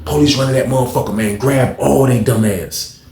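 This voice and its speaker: A man telling a story in casual talk, acting out each person with loud raised voices and dropping to hushed asides. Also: mid-range voice, fairly quick, echoey room.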